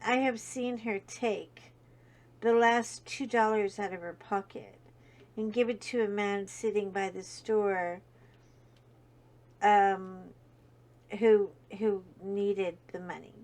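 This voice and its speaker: Slow-talking woman telling a heartfelt story. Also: medium pitch, steady tone, darkish tone. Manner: rambling, heartfelt, many fillers. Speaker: host. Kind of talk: casual storytelling.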